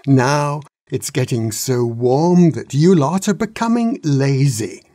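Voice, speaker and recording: A man's voice: mid-range voice, animated, mellow, no room sound, clean studio sound. A man as a droning wise old dragon. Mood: grumbling. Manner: droning, slow. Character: ancient wise old male dragon, grumbling.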